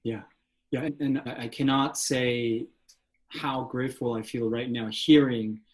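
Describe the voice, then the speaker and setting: A male podcast host speaking at a mid pitch, affirming and thoughtful in conversation. He reflects on what his guest has shared in an even, attentive way. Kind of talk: interview conversation.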